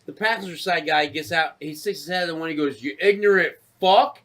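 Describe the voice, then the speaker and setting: A man co-hosting a podcast, telling a casual story full of profanity and acting out his own shouted lines. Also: fairly high pitch, quick pace. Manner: profane, animated, acts out shouted quotes. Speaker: podcast co-host.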